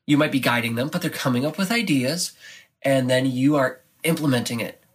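A man with a slightly husky, breathy voice shares teaching advice on a podcast for choir directors. He talks with energy and bursts of animation, acting out moments from rehearsals. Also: mid-range voice, a little fast.

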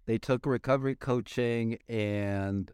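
A man's voice: medium pitch, fairly even intonation, takes it slowly, darkish tone, clear, resonant tone, no room sound, clean studio sound. Joking man podcast co-host. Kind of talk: podcast interview.

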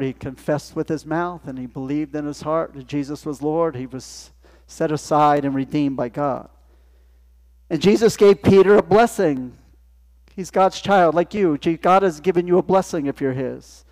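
A man's voice: on the high side, normal speed, a little mellow. A male pastor preaching a sermon in church, talking conversationally and asking his listeners rhetorical questions.

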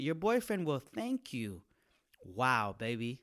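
His mid-range voice is lively in intonation, a bit bright, and at normal speed. The comedian, hosting his own podcast, runs through a casual and crude monologue with slang and acted-out voices.

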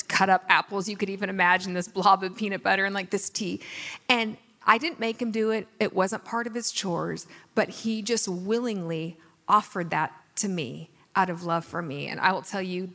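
Woman, 40s, faith speaker; bright, earnest, animated; reverberant room. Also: mid-range voice. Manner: earnest, animated, laughs at herself. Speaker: Christian speaker. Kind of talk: faith talk on money and tithing.

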